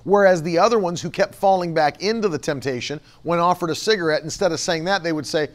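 A male pastor delivering a sermon in a noticeably high voice. He preaches with emphasis, drives points home by repeating phrases, and slips into the voices of the people he quotes. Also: animated, brisk, hardly any pauses.

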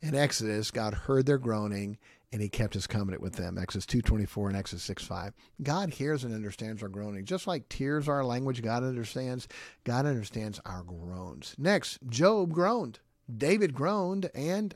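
A man hosting a podcast, giving an informal devotional talk in an animated, conversational way, often asking listeners questions. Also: medium pitch, normal speed, dry recording, clean studio sound. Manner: animated, mimics groans, chuckles often. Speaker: podcast host.

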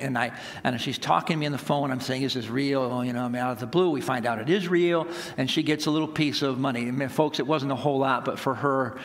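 In a church sanctuary with long hall reverb, a pastor of around sixty preaches a sermon, laughing as he tells a story. His voice is medium-pitched and a bit bright.

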